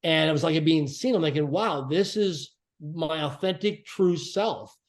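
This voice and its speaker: A man as a podcast guest, telling a personal story in an earnest, reflective way and slowing down to stress key phrases. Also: on the high side. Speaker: podcast guest, author and speaker.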